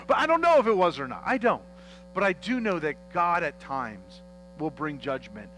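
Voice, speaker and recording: A man preaching a teaching sermon as pastor, animated and joking as he acts out the dialogue of a Bible story in church. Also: fairly high pitch, brisk, a little hiss or hum, rough recording.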